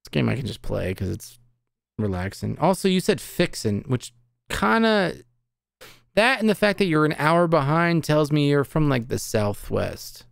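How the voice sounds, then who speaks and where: Gravelly-voiced young man streaming a game. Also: fairly high pitch, big pitch swings, unhurried, no echo, studio quality. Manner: chatty, profane, talks to chat. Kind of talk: casual live gameplay commentary.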